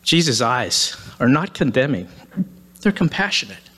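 A man's voice: mid-range voice, sing-song, a little slow, fairly bright tone, breathy edge. A man preaching, retelling a story dramatically and acting out the quoted lines. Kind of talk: sermon storytelling. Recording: long hall reverb.

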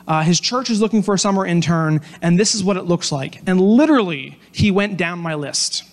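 A young adult man preaching a sermon, telling the story with lively acted-out quotes. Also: sits high, fairly quick. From Pennsylvania, US. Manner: animated storytelling, acts out quoted voices. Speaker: pastor.

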